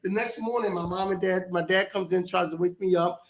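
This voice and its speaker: A man's voice: high-pitched, fairly even intonation, fairly quick, vocal fry, echoey room, poor audio. A man co-hosting a podcast, telling a long personal story and acting out the voices of his family. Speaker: podcast co-host. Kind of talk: storytelling in casual studio chat. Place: podcast studio with live audience.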